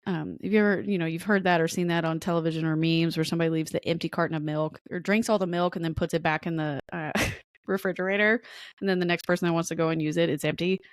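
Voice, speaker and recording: A woman's voice: lowish voice, fairly even intonation, fast, dry recording, studio quality. A young woman hosting a podcast alone, talking in a candid, rambling way with self-mocking laughs before turning encouraging. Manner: encouraging pep talk. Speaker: podcast host. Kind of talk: casual solo podcast monologue.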